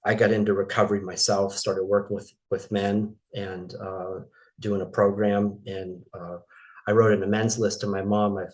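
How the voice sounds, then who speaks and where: On the low side and a little mellow, with little pitch movement, a middle-aged man from Maine tells a painful personal story as an interview guest. He's halting and emotional, with many restarts, and there's slight background noise.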